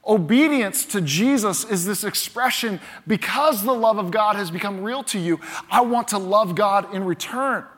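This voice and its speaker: A male pastor preaching a sermon, animated, acting out quoted voices in it. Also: sits high, moderate pace, few pauses.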